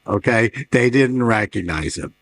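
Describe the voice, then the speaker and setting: A man interviewing on a panel, with quick wry remarks and anecdotes. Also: mid-range voice, lively intonation, fairly bright tone. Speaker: interviewer, art newsletter publisher. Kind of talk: casual panel conversation. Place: fair talk stage.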